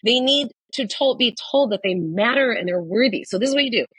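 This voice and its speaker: A woman speaks as a therapist guest on a podcast, in a husky, breathy voice. She is emphatic and hammers each point home, often saying it twice. The sound is dry and close. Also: fairly high pitch, expressive, brisk, a bit bright, no echo, low-quality recording. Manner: emphatic, repeats key points. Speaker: guest, social worker and psychotherapist. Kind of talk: podcast conversation.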